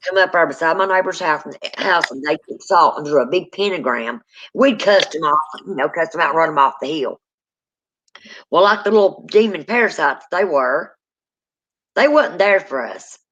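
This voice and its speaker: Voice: mid-range voice, lively intonation, normal speed, fairly bright tone, slight background noise. A speaker, telling a true ghost story in casual spoken style and acting out the people in it. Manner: dramatic, acts out quoted people. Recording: dull lo-fi sound.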